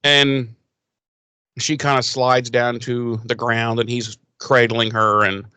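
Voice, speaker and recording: A man co-hosting a podcast in casual chat, retelling a TV episode with animated acted-out lines. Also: mid-range voice, takes it slowly, clean tone, dry recording. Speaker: podcast co-host.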